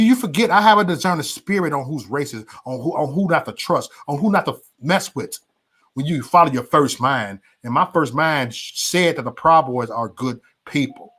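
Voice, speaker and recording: Guy going off on his stream, cussing, repeating himself, stumbling over words, kinda high voice. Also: sharp tone. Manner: emphatic, repetitive, stammering restarts. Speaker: livestream host. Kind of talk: heated profane rant to viewers.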